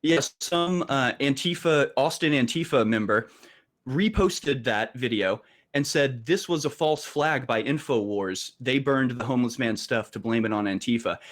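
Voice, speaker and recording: A man talking as a guest on a casual political talk show, halting and restarting often. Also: mid-range voice, a bit bright. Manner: halting, many restarts and fillers.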